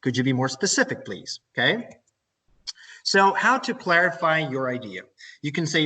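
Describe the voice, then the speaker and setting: Bright-voiced Ukrainian man teaching English. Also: a little high, sing-song, normal speed. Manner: explains and repeats phrases, stresses grammar points. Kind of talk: online lesson lecture. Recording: voice a bit far from the mic.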